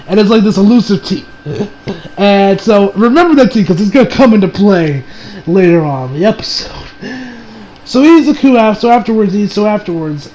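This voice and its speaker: A man's voice: high-pitched, darkish tone, slight background noise, poor audio. A young man reviewing an anime episode in casual chat, rambling with restarts and swearing freely.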